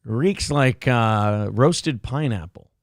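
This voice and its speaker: A man's voice: medium pitch, expressive, takes it slowly, no room sound, clean studio sound. A man hosting a casual podcast, joking crudely and ranting, reading out chat comments. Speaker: podcast host.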